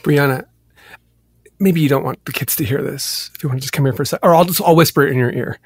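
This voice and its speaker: A man doing improv comedy in a deadpan, matter-of-fact way. His voice is husky and a bit high, recorded close in a dry room. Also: quick pace, no room sound.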